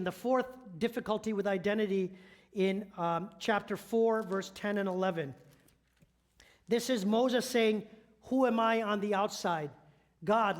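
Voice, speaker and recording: A middle-aged man preaching in a high, light voice. He tells the story earnestly and often stops to correct himself mid-phrase, as an elder does from the pulpit. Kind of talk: sermon.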